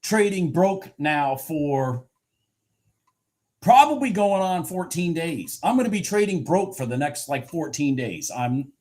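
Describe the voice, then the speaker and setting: A man livestreams his own futures trading, commentating as he goes in a fairly high, sing-song voice with a darkish tone and a measured pace. He's frustrated and swearing, talking both to himself and to his chat, laughing at himself and repeating phrases.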